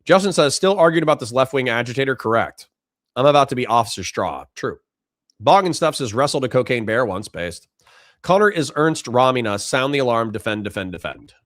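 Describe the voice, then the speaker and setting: A young man streams casually, reading chat and answering in a blunt, profane way. His voice sits at an ordinary middle pitch. The sound is dry and close, with little room echo. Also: expressive, fairly quick, fairly bright tone. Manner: blunt, profane, reads donations aloud in mock voices. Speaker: livestream host reading chat.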